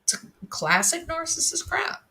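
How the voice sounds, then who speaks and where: A woman's voice: extremely high pitch, big pitch swings, moderate pace, pushed and bright. Blunt, scornful woman commentator. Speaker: true crime commentator. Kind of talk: opinionated solo commentary.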